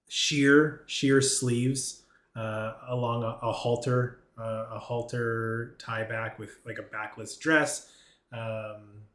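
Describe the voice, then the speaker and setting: Hesitant man narrating a game, echoey. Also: medium pitch. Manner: hesitant, many fillers while describing. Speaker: game master. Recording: roomy echo.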